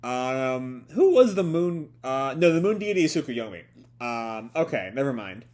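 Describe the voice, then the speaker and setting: A man's voice: medium pitch, sing-song, measured pace, a little mellow. A young man with a stuffy nose walks through a manga chapter in a live reaction. He sounds tired, and he rambles along with frequent ums and self-corrections.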